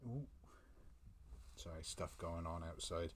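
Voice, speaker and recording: Deep-voiced man reacting casually. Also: unhurried, a little mellow, slight background noise. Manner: chatty, chuckles often, reads dialogue aloud. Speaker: manga reviewer. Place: room at home. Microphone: desk mic.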